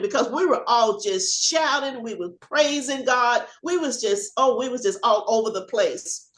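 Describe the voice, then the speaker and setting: An older woman, a former police officer, telling a personal story on a video call, animated and acting out the shouting and laughter. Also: fairly high pitch, measured pace, few pauses, echoey room.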